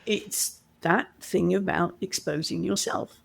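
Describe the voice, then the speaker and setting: A woman's voice: lowish voice, takes it slowly, vocal fry. A middle-aged British woman, a communication coach, telling stories in a podcast interview and acting out what others said. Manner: animated storyteller, acts out quoted voices.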